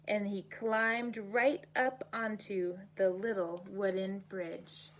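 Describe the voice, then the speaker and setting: Slow, gentle woman reading a bedtime story. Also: mid-range voice, little pitch movement. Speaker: teacher reading bedtime stories. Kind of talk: storybook read-aloud.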